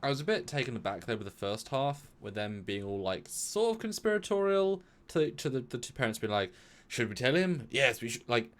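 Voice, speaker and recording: A man co-hosting a review show chats casually about an episode, repeating words and acting out quoted lines with lively asides. His medium-pitched voice is clear and resonant, a little fast with few pauses.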